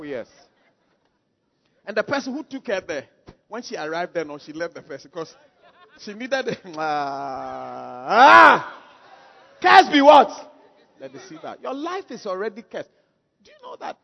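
A man preaching a sermon. He is emphatic, swings from quiet asides to shouted calls, and keeps asking rhetorical questions. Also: sits high, slightly rough. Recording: dull lo-fi sound with long hall reverb.

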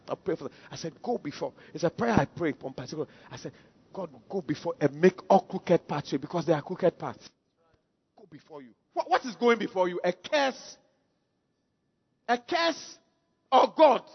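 A man preaching a sermon. He is emphatic, swings from quiet asides to shouted calls, and keeps asking rhetorical questions. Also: high-pitched, lively intonation, brisk, slightly rough. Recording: dull lo-fi sound with long hall reverb.

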